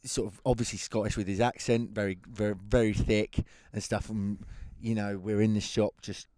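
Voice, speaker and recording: An English man co-hosting a podcast, telling a long anecdote in a lively, laughing way. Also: lowish voice, normal speed, dry recording. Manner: animated storyteller, laughs through his tale. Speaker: podcast co-host. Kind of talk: casual chat, anecdote telling.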